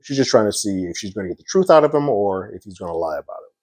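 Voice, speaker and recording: A man's voice: fairly low pitch, lively intonation, very fast, darkish tone, dry recording. A man casually recapping and reviewing a TV episode, retelling scenes loosely with frequent fillers. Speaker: TV series reviewer.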